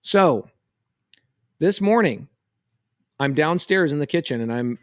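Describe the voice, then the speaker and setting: Dad telling an animated story. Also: male voice, on the high side, takes it slowly, no room sound, clean studio sound. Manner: animated, quotes voices in a story. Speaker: podcast co-host. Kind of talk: casual storytelling chat.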